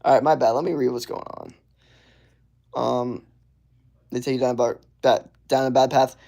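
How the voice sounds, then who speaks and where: Laid-back young male streamer with some vocal fry, casual chat with viewers. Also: mid-range voice, flat delivery, moderate pace, warm tone. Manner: laid-back, drawling, says "bro" and "hell yeah" a lot. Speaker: livestreamer. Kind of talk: casual livestream chat reading viewer comments.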